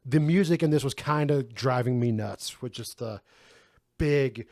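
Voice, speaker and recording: A man's voice: medium pitch, unhurried, a little mellow, dry recording, clean studio sound. A man co-hosting a casual movie review chat, swearing freely and slipping into mock impressions. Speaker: podcast co-host.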